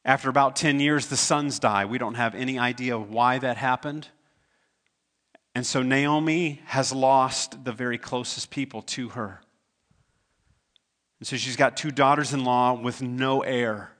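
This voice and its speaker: A man's voice: mid-range voice, fairly even intonation, a little slow, a bit bright. A man preaching a sermon as pastor. He retells a scripture story in his own conversational words, earnest and stumbling now and then over repeated words.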